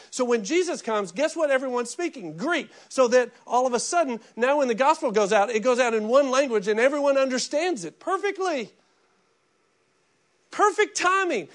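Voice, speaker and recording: A middle-aged man preaching a sermon in an animated, conversational way, often repeating words and acting out quoted voices. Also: extremely high pitch, normal speed. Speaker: pastor.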